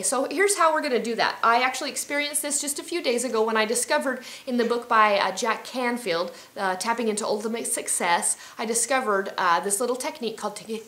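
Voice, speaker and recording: Bright-voiced woman self-help coach. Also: fairly high pitch, roomy sound. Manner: friendly, chatty, with fillers and restarts. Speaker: healing coach and video host. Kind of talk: instructional self-help video.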